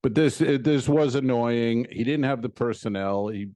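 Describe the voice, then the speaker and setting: A man co-hosting a comedy podcast, retelling a frustrating errand in an animated, swearing, storytelling way and acting out both sides of the exchange. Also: mid-range voice, normal speed, no echo. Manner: swears casually, laughs often. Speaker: podcast co-host.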